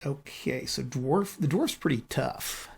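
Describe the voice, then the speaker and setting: Slow, gravelly man narrating a board game. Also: medium pitch, expressive. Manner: unhurried, thinking aloud while rolling dice. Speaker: board game channel host.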